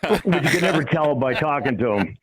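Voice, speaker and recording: A man from Cleveland, a former football player, telling stories as a podcast guest with chuckles, self-deprecating jokes and halting restarts. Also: fairly high pitch, animated, fairly bright tone, poor audio. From Cleveland, USA. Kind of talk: casual storytelling on a sports podcast.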